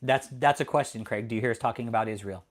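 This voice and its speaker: A man's voice: mid-range voice, fast talker. Profane, heated man streaming to chat. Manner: profane, heated, laughs often; talks directly to chat viewers. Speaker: livestream host. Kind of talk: casual livestream commentary to chat.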